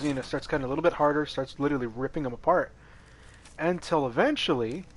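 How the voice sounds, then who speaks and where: A man's voice: fairly high pitch, slight background noise. A man in a casual chat, swearing freely and laughing as he retells a story. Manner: profane, laughs often, quick jokey interjections. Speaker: podcast co-host.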